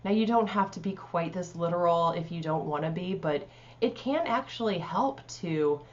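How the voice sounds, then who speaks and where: Low-voiced woman life coach, lo-fi. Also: normal speed. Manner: calm, conversational, many fillers like "you know". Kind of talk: casual advice talk to camera.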